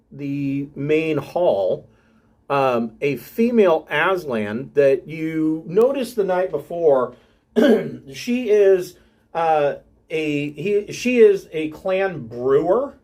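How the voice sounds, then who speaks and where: A man narrating as game master of a tabletop game, unhurried and often clearing his throat. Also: fairly high pitch, lively intonation, a little mellow.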